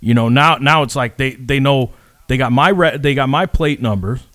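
A man's voice: medium pitch, moderate pace, dry recording, studio quality. A man telling a rambling, profane story in casual chat with friends, acting out the people in it. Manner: profane, rambling, animated retelling.

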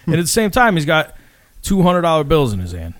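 A man's voice: on the high side, fairly quick, dry recording. A man telling a rambling, profane story in casual chat with friends, acting out the people in it. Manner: profane, rambling, animated retelling.

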